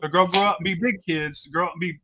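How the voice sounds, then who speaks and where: A man's voice: high voice, steady tone, quick pace, bright, forceful tone. A man, the host, telling a story in a casual chat, blunt and profane.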